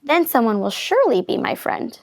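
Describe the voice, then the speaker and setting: A woman voicing a big, misunderstood male wolf who is gruff but soft-hearted, speaking in an earnest, gentle way. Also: fairly high pitch, big pitch swings, brisk.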